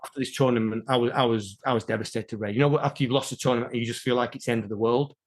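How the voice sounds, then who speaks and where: A man, an interview guest telling rambling, animated stories in casual chat. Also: medium pitch, very fast. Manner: animated, rambling, many restarts.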